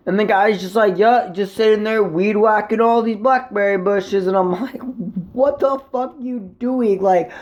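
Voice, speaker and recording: A man's voice: sits high, darkish tone. A young man in a casual vlog, rambling through a story to camera with lots of swearing and filler words. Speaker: vlogger.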